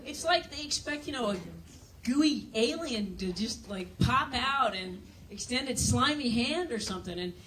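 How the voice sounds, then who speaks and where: A woman's voice: on the high side, expressive, normal speed, fairly bright tone, far from the mic, a little hiss or hum. A woman doing a stand-up comedy set on a club stage, telling dry, self-mocking stories and acting out other people's voices.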